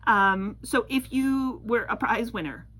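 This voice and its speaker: A woman's voice: a little high, unhurried, fairly bright tone, poor audio. A woman co-hosting a casual podcast, easygoing and steering the chat along. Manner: easygoing, wraps up and steers the talk. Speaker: podcast co-host.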